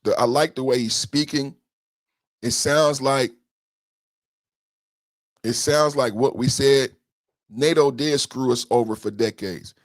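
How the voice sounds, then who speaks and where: A man's voice: medium pitch, takes it slowly, pauses often, no echo. Ranting male podcast host, dry sound. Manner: ranting, repeats lines for emphasis; profane and slangy. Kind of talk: heated political commentary.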